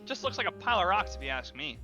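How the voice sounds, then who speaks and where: A man voicing a snooty, blunt little shelled creature in a comedic game stream, delivering deadpan put-downs. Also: high-pitched, rapid-fire, lo-fi sound, faint music behind, pitched above the performer's own voice, full character voice. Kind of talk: improvised game character voice.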